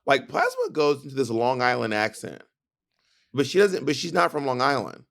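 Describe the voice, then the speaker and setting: A man's voice: mid-range voice, huge pitch swings, normal speed, gravelly, fairly bright tone. A man co-hosting a casual recap podcast, explaining plots at length with sassy, emphatic asides. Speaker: podcast co-host.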